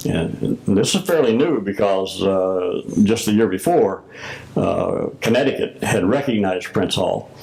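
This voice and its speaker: An older man from the United States recalls past events in a slow, storytelling way, acting out the exchanges he quotes. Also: low-pitched, animated, gravelly, darkish tone, poor audio. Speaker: former Masonic grand master. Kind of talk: oral history recollection.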